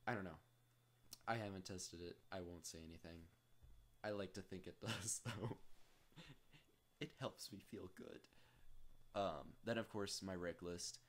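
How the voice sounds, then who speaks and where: A man casually rambling through a software tutorial, self-deprecating and full of jokey asides. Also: low-pitched, steady tone, unhurried, long pauses. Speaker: tutorial host.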